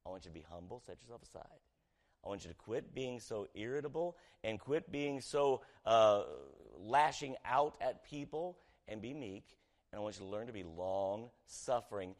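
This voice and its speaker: A man preaching a sermon as pastor, talking conversationally with the congregation, asking them questions and swinging between loud emphatic lines and hushed ones. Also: lowish voice, moderate pace.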